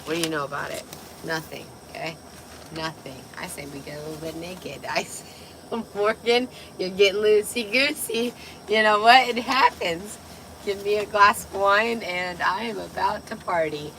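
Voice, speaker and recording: A young woman with a raspy voice, tipsy and chatting casually on a livestream, loose, giggly and swearing. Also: lowish voice, normal speed, bright, forceful tone, slight background noise, rough recording. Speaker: vlogger.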